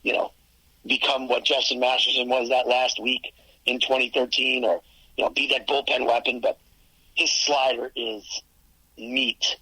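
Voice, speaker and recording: A man co-hosting a sports podcast in casual chat, analytical and quick to correct details, with a husky voice. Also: medium pitch, flat delivery, bright, forceful tone, dry recording, poor audio. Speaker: podcast co-host.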